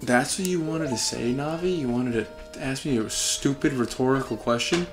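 A man's voice: medium pitch, moderate pace, over music. A young man giving sarcastic, exasperated commentary while playing a video game. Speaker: let's play host. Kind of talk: gameplay commentary.

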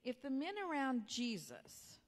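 A woman pastor, telling a personal story in a sermon in a conversational way, sometimes dropping to a soft whisper. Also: sits high, very animated, a little slow. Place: church sanctuary. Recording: long hall reverb.

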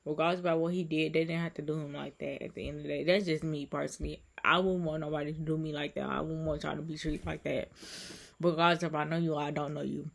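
A woman's voice: deep voice, little pitch movement, fast, vocal fry. A woman vlogger speaking in an emotional, repetitive and soothing way, giving heartfelt encouragement to her viewers. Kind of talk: heartfelt encouraging vlog talk.

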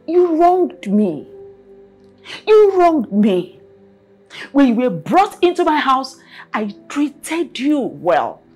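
A woman's voice: sits high, very animated, takes it slowly, a little mellow, faint music behind, exaggerated voice. An imperious scolding mother. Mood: reproachful. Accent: Nigerian. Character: stern wealthy mother scolding her son's former maid. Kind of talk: Nollywood film acting.

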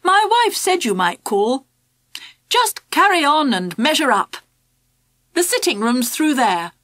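A woman voicing a baffled, exasperated father, whose voice goes squeaky when upset. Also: big pitch swings, takes it slowly, a bit bright, no echo, studio quality, heavily acted. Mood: cheerful. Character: flustered, baffled dad, a middle-aged man.

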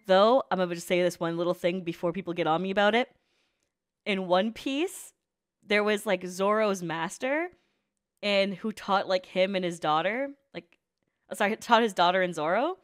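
A woman's voice: medium pitch, normal speed. A woman commenting casually while reacting to an anime, teasing, swearing and laughing often.

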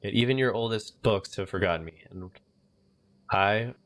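A man voicing a bitter, ancient male elven ghost king, in a low voice with brooding lines. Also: moderate pace, a bit bright, natural voice.

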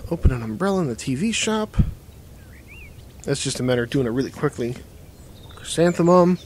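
A man's voice: mid-range voice, expressive, moderate pace, long pauses, a little mellow, a little hiss or hum. A man giving casual let's-play commentary while he plays, swearing a lot and swinging between muttering and frustrated outbursts. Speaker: gamer playing a game.

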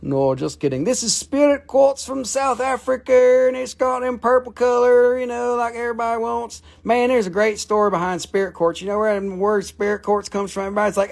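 A man's voice: very high-pitched, brisk, vocal fry, few pauses. A man hosting a live crystal sale, joking, rambling and cussing a lot as he goes through the items. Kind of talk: casual live sales chat.

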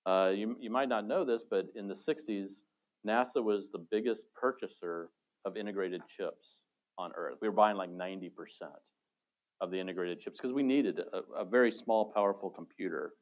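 A middle-aged man, a retired space robotics engineer, telling stories in a relaxed panel talk with self-amused asides. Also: fairly low pitch, normal speed, dull audio.

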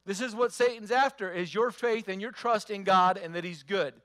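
A man's voice: sits high, normal speed, a bit bright. A male pastor preaching a sermon, emphatic, repeating phrases and asking the congregation rhetorical questions.

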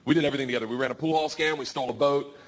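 A man doing loud, animated stand-up storytelling on a comedy club stage. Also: mid-range voice, very fast. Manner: loud, animated, bursts into shouting. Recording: noisy live comedy club recording.

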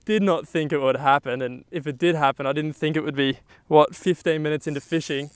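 A young man talking outdoors on the water while fishing, exclaiming excitedly to the camera. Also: fairly high pitch, a little fast, clean tone, dry recording. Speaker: fishing vlogger.

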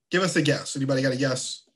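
A man teaching a confirmation class of teenagers in a relaxed, chatty way with playful asides. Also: mid-range voice. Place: church.

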